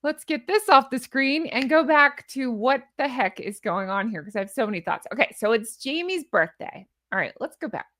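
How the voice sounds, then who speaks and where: A woman talks straight to camera in a loose, rambling commentary, full of sarcastic asides and scoffing remarks. Her voice sits a little on the high side. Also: expressive, normal speed, few pauses, fairly bright tone. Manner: rambling with restarts and laughs. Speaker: commentary vlogger. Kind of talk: casual opinion commentary.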